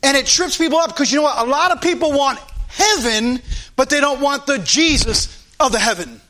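A man's voice: extremely high pitch, brisk, sharp tone. A man preaching a sermon to his congregation, fervent and repetitive, stretching out key phrases for emphasis. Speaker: pastor.

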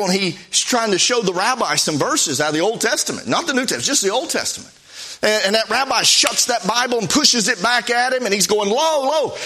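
A man who is a Baptist preacher, telling stories in a folksy, animated sermon with acted-out quotes. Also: sits high. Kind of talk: storytelling sermon.

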